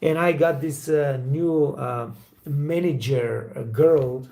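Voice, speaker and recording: Gravelly blunt man. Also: a little high, takes it slowly, dark tone. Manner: blunt, profane, storytelling with acted quotes. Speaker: waiter trainer and channel host. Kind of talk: casual motivational talk to camera.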